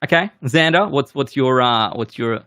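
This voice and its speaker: Bright-voiced, rambling game show host. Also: male voice, medium pitch, expressive, normal speed, smooth, no room sound, clean studio sound. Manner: self-deprecating, loose and rambling. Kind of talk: casual hosting banter.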